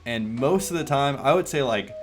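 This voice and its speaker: A man with a Southern US accent explains sales tactics in a relaxed, rambling, drawling way. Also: mid-range voice, normal speed, soft background music. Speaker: online business coach. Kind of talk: casual sales tutorial.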